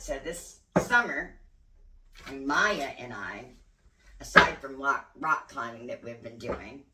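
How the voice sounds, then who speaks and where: A woman's voice: rumbling low, far from the mic, noisy background. An older woman, a grandmother, speaking candidly and earnestly in a reflective spiritual vlog. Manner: candid, earnest, occasionally swears. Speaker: spiritual vlogger. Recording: roomy sound, voice away from mic.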